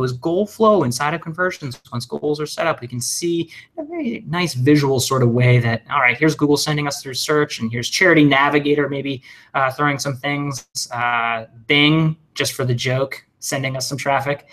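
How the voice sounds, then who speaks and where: Bright-voiced energetic man teaching. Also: fairly high pitch. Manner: energetic, joking, conversational with many fillers. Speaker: webinar trainer. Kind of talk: recorded webinar lesson.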